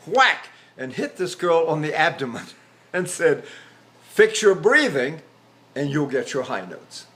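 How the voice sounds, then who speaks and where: A man's voice: on the high side, a bit bright. A man in his eighties, a voice teacher, giving a chatty lecture on vocal technique and breaking into sung examples. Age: 80s.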